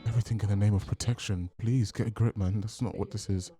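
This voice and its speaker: A man hosting a film reaction, talking casually with joking asides and quick exclamations. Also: on the low side, fairly even intonation, mellow, soft background music. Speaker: movie reaction host.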